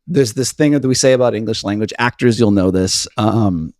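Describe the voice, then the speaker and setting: A man's voice: lowish voice, moderate pace, darkish tone, no room sound, clean studio sound. A man co-hosting a music podcast, chatting casually about songwriting in a rambling way, full of fillers and restarts. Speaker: podcast co-host.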